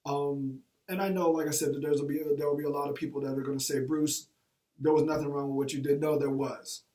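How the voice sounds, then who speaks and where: A man with a fairly high voice tells a personal story in an animated, slangy way, acting out what people said. He sits back from the mic, so he sounds distant. The room is roomy and echoey. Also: fast talker. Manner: animated, colloquial, reenacts quotes, laughs at own story. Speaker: teacher and former football coach.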